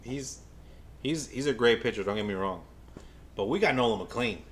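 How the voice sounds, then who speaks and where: Excitable man calling the game for chat. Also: mid-range voice, normal speed. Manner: excitable, stammering, talks to the chat. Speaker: fan livestreamer doing play-by-play. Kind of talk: casual live game watch-along commentary.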